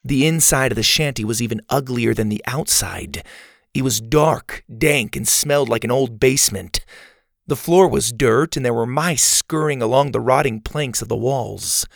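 A man reads a children's adventure story aloud with steady storytelling. His mid-range voice carries a gravelly edge. The recording is close and dry. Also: mid-range voice, moderate pace, no echo. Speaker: narrator. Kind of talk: audiobook narration.

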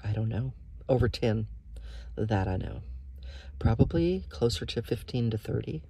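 A woman hosting her own podcast in an intimate, casual monologue, soft and breathy, often slipping into whispers. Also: extremely low pitch. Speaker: podcast host.

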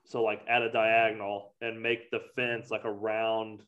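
A man's voice: fairly low pitch, monotone, a little slow, narrow, tinny audio. A man in casual conversation who rambles, leaning heavily on filler words. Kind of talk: casual chat.

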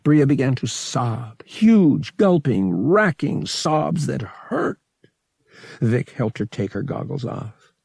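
Gravelly male audiobook narrator. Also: fairly low pitch, no echo, studio quality. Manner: measured, expressive storytelling. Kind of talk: scripted novel narration.

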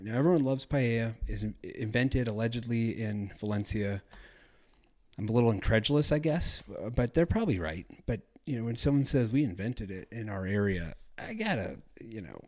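A man's voice: lowish voice, darkish tone. A man hosting a travel podcast, chatting casually in a rambling, self-correcting way. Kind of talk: casual solo podcast talk.

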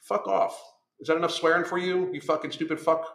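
A man's voice: a little high, level tone, fast talker, a bit bright, roomy sound. A man who is a weight-loss coach, delivering a blunt, combative monologue full of swearing. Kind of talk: profane ranting monologue.

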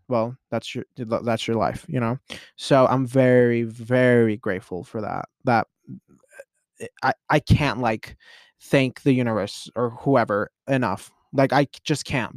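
A twenty-year-old man hosting a podcast from his closet, rambling in a casual solo monologue full of "like" and restarts, with excitable jumps in pitch. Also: smooth, dry recording, clean studio sound. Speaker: podcast host.

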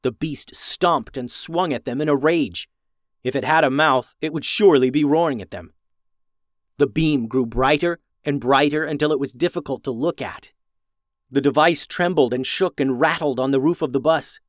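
A man reading a children's adventure story aloud, with lively voices for the characters. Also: medium pitch, moderate pace, dry recording, clean studio sound. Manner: animated, raises voice for characters' lines.

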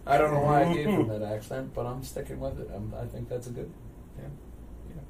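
A man hosting a casual podcast, telling stories with frequent loud laughter. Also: mid-range voice, brisk, vocal fry. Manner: loud laughing, animated storytelling. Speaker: podcast host. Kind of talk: casual chat. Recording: distant mic, faint noise.

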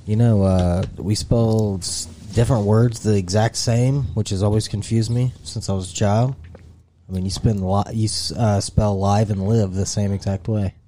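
A man's voice: fairly low pitch, fairly even intonation, moderate pace, dark tone, a little hiss or hum. A man from Indiana in casual podcast chat, rambling, swearing casually and laughing often.

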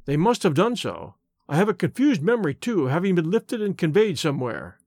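Male reader plays a shaken young engineer, earnest, lively pitch. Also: fairly quick, slightly rough, dry recording, studio quality, exaggerated voice.

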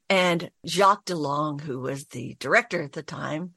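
A middle-aged woman speaks as a guest in an interview, recounting a story with lively energy and quick shifts into quoted voices. Her voice sits on the lower side for a woman. The sound is dry, with no room echo. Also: husky. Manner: animated anecdote-telling, acts out quoted lines. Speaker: voice actress, guest.

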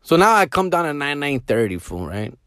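A middle-aged man telling casual stories, slangy and animated, mixing in Spanish words and dropping to hushed mumbles. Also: on the high side, a little fast, clear, resonant tone, dry recording, studio quality. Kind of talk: casual storytelling monologue.

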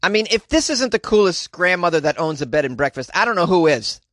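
A man's voice: sits high, very animated, fast, fairly bright tone, dry recording, studio quality. A man hosting a comedy podcast, talking in a rambling, self-deprecating way with lots of fillers. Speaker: podcast host. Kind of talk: casual comedic monologue.

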